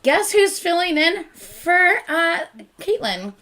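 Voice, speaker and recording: A woman hosting a casual live stream, chatty and rambling, easily excited and quick to laugh. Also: very high-pitched. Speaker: reaction channel host.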